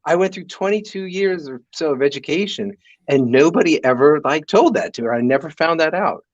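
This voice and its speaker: A man talking as a guest on a live podcast, telling his stories in a lively way with many fillers and restarts. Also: a little high, fairly quick, no room sound, dull audio. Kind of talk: animated storytelling in a live podcast.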